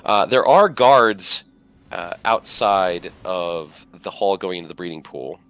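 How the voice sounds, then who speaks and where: A man's voice: sits low, expressive, slow, fairly bright tone. A man narrating a tabletop game as game master, rambling along with many fillers and asides.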